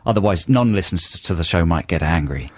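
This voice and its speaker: Lively radio co-host, bone-dry studio sound. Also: male voice, low-pitched, a little fast, no room sound. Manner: playful, teasing, lively delivery. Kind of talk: casual studio chat, reading out listener emails. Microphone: studio microphone.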